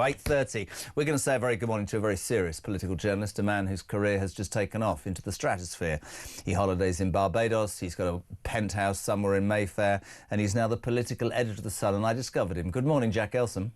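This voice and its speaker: A man's voice: on the low side, fast talker. A middle-aged man hosting a breakfast radio talk show, joking and bantering as he reads out listener messages. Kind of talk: casual radio chat.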